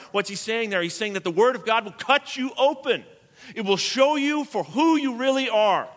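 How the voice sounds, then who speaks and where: A man preaching a sermon as pastor, emphatic, swinging between soft and loud. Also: sits high, in a large hall.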